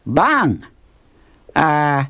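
A cautious knight from the funny pages, read out by a woman. He speaks low and slowly, a touch exasperated. The sound is dry and close. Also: huge pitch swings, fairly bright tone, no echo, exaggerated voice. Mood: wary.

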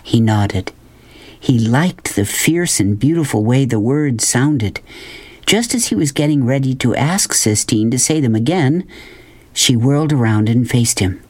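A woman hosting a children's program, reading a novel aloud with measured, expressive storytelling. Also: a bass voice. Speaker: children's book reader.

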